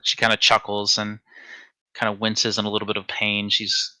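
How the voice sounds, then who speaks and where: A man narrating as dungeon master in a relaxed, hesitant way with frequent fillers. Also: fairly low pitch, normal speed, rough recording. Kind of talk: narrating a tabletop game.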